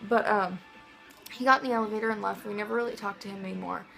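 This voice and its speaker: A young woman from Missouri telling a rambling, excitable vlog story, full of "like" and "um". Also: mid-range voice, quick pace, gravelly, faint music behind, poor audio. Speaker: vlogger.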